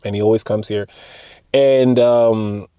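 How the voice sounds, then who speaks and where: A young man tells a story in a loose, rambling vlog monologue, full of fillers and false starts. His voice is mellow and dark. The sound is dry and close. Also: on the low side, slow, clear, resonant tone, no echo. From United States. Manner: rambling, animated retelling with frequent fillers and restarts. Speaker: vlogger.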